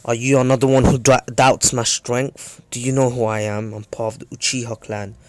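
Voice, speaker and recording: A man's voice: on the low side, flat delivery, slow, darkish tone. Sasuke, a man doing a proud, hotheaded teen ninja. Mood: angry. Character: proud, hot-tempered teenage boy ninja.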